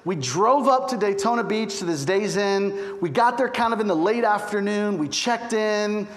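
A middle-aged man preaches in a notably high voice. He tells a personal story in a loose, conversational way and keeps checking in with his listeners. His delivery is lively and animated. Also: moderate pace. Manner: chatty, animated storytelling with frequent asides to the listeners. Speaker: pastor. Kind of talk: storytelling sermon.

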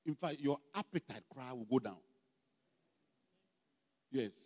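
A man's voice: mid-range voice, lively intonation, measured pace, darkish tone. A man with a Ghanaian accent preaching a sermon in a church hall, emphatic and full of call-and-response questions to the congregation. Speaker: pastor. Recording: long hall reverb, faint music behind.

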